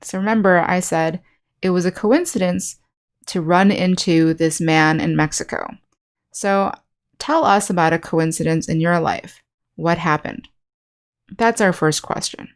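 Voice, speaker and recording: A woman with a slightly low voice teaches an online English class. She speaks slowly and clearly, modeling example sentences for learners. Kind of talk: scripted online lesson.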